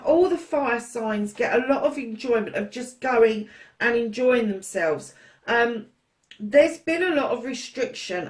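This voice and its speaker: Chatty woman giving a tarot reading. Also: on the high side. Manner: affectionate, chatty, swears freely, calls viewers darlings. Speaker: tarot reader. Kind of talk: casual tarot reading to camera.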